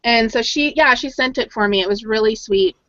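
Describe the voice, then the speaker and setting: Chatty bright-voiced woman storyteller. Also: on the high side, brisk, no room sound. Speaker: podcast co-host. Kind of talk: casual chat. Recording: dull lo-fi audio.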